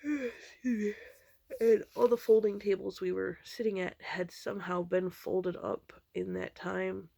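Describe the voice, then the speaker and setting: A woman with a heavy, gravelly fry in her voice talks through a dream she had, rambling and low-key, full of ums and restarts. She is recorded close and dry, with no room sound around her. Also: steady tone, unhurried, dark tone, no room sound. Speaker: vlogger recounting a dream. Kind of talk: casual spoken dream recounting.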